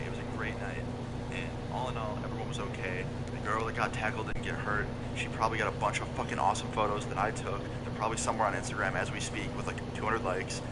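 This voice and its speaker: A young man telling a casual story-time tale, swearing freely and filling with "like" and "okay?". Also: lowish voice. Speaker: storytelling vlogger. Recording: loud vehicle noise behind the voice.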